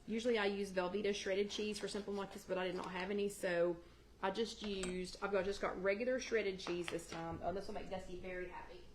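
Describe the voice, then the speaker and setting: A woman's voice: mid-range voice, fairly even intonation, a little fast, slight background noise. A woman chats her way through a cooking demo on a livestream. Her voice sits in a middle register, and she answers viewers' comments as she goes. It sounds like a home kitchen. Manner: chatty, talks to viewers in the live chat by name. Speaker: host of a live weight-loss chat.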